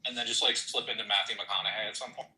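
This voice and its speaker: A man trading dry, teasing remarks in casual podcast chat. His voice is fairly low with a very bright, sharp tone. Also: steady tone, fast, poor audio.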